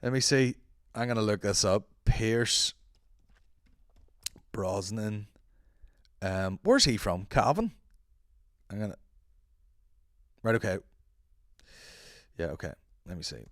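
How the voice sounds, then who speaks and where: A man's voice: on the low side, big pitch swings, slow, long pauses, fairly bright tone, no room sound, clean studio sound. An Irish man hosting a solo podcast, joking and swearing, and slipping into mock accents. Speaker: podcast host.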